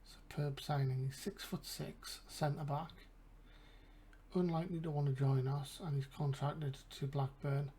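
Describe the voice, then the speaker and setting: A man's voice: fairly high pitch, flat delivery, measured pace, dark tone, a little hiss or hum. A man with an English accent, casually commentating a game and thinking aloud with mumbled asides. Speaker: gaming channel host.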